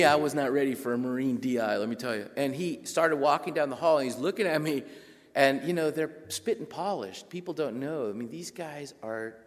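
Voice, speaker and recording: A man with a mid-pitched voice tells a story to a live audience. He is animated and self-mocking, and he slips into other people's voices as he goes. His voice rings through a large hall with a long echo. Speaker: author giving a talk. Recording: echoey hall.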